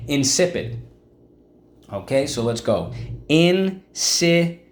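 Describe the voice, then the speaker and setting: A man's voice: on the low side, unhurried, slight background noise. Man drilling vocabulary words. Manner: repeats words and syllables with emphatic drilling; asks class-style questions like "What's the word?". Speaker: vocabulary teacher. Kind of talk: online vocabulary lesson.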